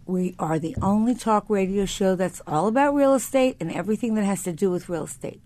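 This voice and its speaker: Female radio host, mid-pitched, chatty, upbeat, rambling studio talk. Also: fairly quick, mellow. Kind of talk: casual talk radio chat.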